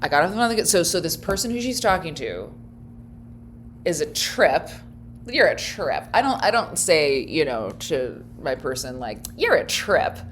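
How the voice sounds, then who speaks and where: A woman's voice: low voice, big pitch swings, moderate pace, a little hiss or hum. Chatty, wry woman reacting on camera. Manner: chatty and wry, laughs often, thinks out loud. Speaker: reaction video host. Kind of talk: casual commentary reacting to a clip.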